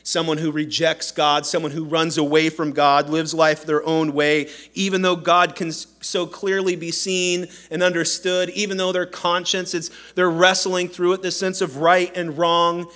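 A man's voice: a little high, a bit bright. A man preaching a sermon as pastor in a church, earnest and emphatic, acting out the voices he quotes.

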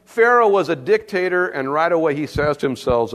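A middle-aged man preaches a sermon in a notably high voice that swings widely up and down. He tells stories with plenty of humor and animated delivery. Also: a little fast. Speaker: pastor.

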